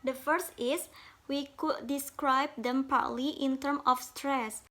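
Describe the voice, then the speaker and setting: Woman reading out a phonology lesson, high bright voice, slow and careful. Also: steady tone. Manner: slow, careful, reads from notes, non-native English grammar.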